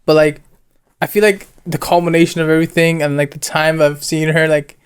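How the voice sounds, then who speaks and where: Laughing, slangy young man with a smooth voice. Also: a little high, flat delivery, brisk. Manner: laughing, slangy retelling of scenes. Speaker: co-host. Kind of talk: casual chat.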